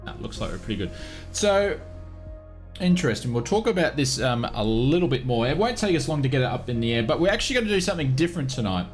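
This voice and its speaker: A man's voice: medium pitch, big pitch swings, quick pace, faint music behind. A man with an Australian accent hosting a live flight sim stream, chatting upbeat and greeting viewers one by one.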